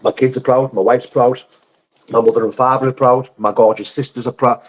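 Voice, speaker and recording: A man's voice: mid-range voice, steady tone, fairly quick, highs cut off. A middle-aged man, chatting on a livestream and answering viewer comments bluntly, calling everyone mate and brother. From England. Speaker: livestream host reading chat. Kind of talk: casual live chat.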